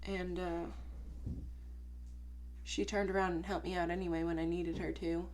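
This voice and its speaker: A woman's voice: on the low side, flat delivery, moderate pace, darkish tone, slight background noise. A woman vlogger in casual confessional chat, rambling and frank, swearing freely as she works through her thoughts. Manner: many fillers and restarts, talks herself through thoughts.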